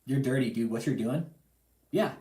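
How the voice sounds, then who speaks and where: A man's voice: mid-range voice, normal speed, mellow, echoey room. A man hosting a livestream, ranting angrily and profanely, repeating himself and calling out his target directly. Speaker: livestream host. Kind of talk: heated livestream rant.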